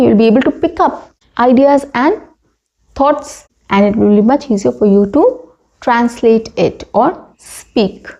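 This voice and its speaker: An Indian English-accented woman teaching a spoken English lesson. Her voice sits a little high but sounds mellow and soft-edged. She coaches steadily, running through lists and checking in with "right?". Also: muffled recording.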